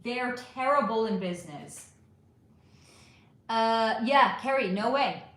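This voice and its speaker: A woman's voice: on the high side, animated, slow, a bit bright. A middle-aged woman hosting a casual livestream, reading chat comments aloud and ranting with plenty of swearing. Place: home room. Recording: echoey room.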